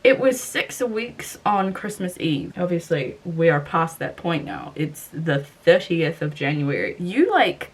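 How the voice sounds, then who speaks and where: A woman's voice: medium pitch, low-quality recording. Young New woman, twenties, casual home vlogger, chatty and self-deprecating. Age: 20s. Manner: chatty, self-mocking, openly nervous. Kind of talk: casual reading vlog chat. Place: her bathroom at home. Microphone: camera on a tripod.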